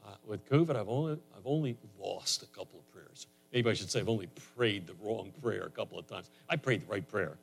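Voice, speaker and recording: A man's voice: brisk, gravelly, hardly any pauses, slightly rough. Man preaching in a conversational way. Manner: conversational preaching that swells louder and higher on emphatic lines. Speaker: pastor. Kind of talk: sermon.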